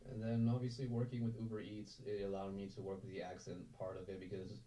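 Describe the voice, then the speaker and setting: A man talks casually on a video call, in a low and mellow voice, wandering from point to point. He sits some distance from his mic. A faint hum of noise lies under his speech. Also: little pitch movement, quick pace, dull audio. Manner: rambling, repeats "right there". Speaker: voice-acting community member.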